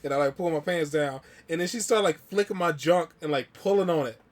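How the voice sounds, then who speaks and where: A man's voice: a little high, fast. Rambling casual man telling stories. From Alabama, US. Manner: rambling storyteller with many fillers. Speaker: reaction channel host. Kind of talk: casual chat.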